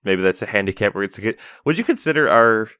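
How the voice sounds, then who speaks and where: Deep-voiced man, dry close sound. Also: lively intonation, quick pace, bright, forceful tone, smooth, no echo. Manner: profane, joking, laughs often. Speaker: podcast host. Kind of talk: casual chat.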